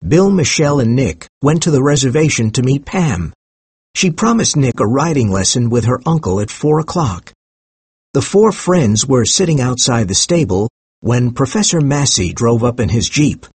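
Male narrator, measured and expressive; husky tone, dry booth sound. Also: medium pitch, no room sound. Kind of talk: scripted audiobook narration.

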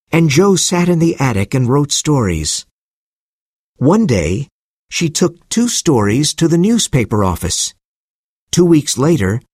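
A man narrating a simple storybook in a clear, measured reading voice. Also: fairly high pitch, a little mellow, no room sound, studio quality.

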